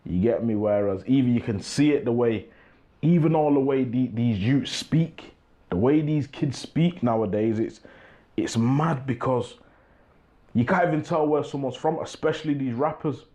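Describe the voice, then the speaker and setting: Hosting his own show, a young man from England talks to camera in a laid-back monologue, often dropping "you get me." His voice is mellow, medium in pitch, and at normal speed.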